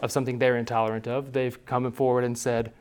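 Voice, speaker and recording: A man leads a class, teaching in a relaxed, conversational way and asking his students questions. His voice is medium-pitched and fast, with slight background noise.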